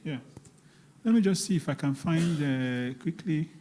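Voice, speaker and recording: A man's voice: fairly high pitch, unhurried, warm tone, a little hiss or hum. A man giving a live seminar talk on investing, emphatic and pleading, repeating key words. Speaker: guest speaker on investing. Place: church hall, live audience. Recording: long reverb of a large hall.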